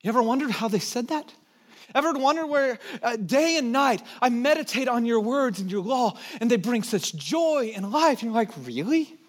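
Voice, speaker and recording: High-pitched guy preaching, lively storyteller, goes quiet and low to make a point. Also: moderate pace. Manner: animated storytelling, drops to soft low tones for emphasis. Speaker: pastor. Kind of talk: sermon.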